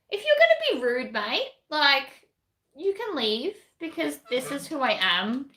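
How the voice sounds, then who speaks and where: A woman's voice: sits high, sing-song, measured pace, a bit bright, reverberant. A woman with an Australian accent chatting casually while she sews, answering viewer comments bluntly. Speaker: sewing livestream host. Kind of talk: casual chat while sewing.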